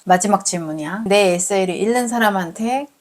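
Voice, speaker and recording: A woman's voice: medium pitch, very fast, darkish tone. A woman hosting a casual interview, asking short questions and murmuring along as she listens. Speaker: host and interviewer.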